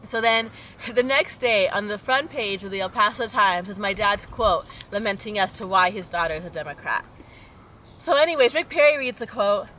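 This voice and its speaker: A woman's voice: medium pitch, moderate pace, a little hiss or hum, poor audio. A young woman, a state legislator, telling stories in an interview and acting out the voices of the people in them. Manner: animated anecdote-teller, acts out quoted voices. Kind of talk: interview storytelling.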